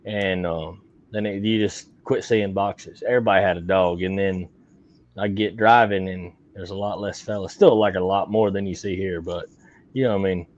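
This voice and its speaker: A man's voice: sits low, fairly even intonation, moderate pace, lo-fi sound. A man casually and loosely recalling his childhood, talking in a podcast conversation. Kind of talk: casual chat.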